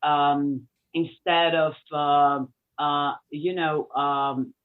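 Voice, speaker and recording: A woman's voice: low-pitched, steady tone, drawn-out words. Hesitant woman on a tinny line. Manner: hesitant, full of fillers. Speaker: guest. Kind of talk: casual chat.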